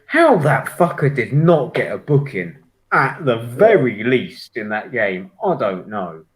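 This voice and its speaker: A man co-hosting a football watchalong. He talks in an animated, sweary way and repeats words as he starts his sentences. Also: medium pitch, a little slow. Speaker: fan co-host of a match watchalong. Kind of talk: casual football chat.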